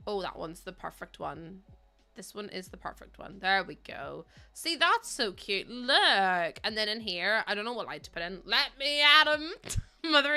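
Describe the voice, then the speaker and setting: Bright chatty Northern Irish woman. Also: on the high side, smooth. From Northern Ireland. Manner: chatty, swearing, laughing storyteller. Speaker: streamer. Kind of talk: casual chat while building in a game.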